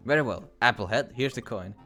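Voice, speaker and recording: A man's voice: mid-range voice, fairly quick, bright, forceful tone. A man voicing a brash rowdy teen who taunts with a coin game. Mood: taunting.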